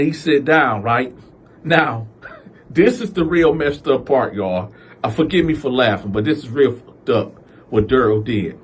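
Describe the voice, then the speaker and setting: A man hosting a casual storytime, telling a story in an animated, slangy way and acting out the characters. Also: medium pitch, husky. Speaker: storyteller host.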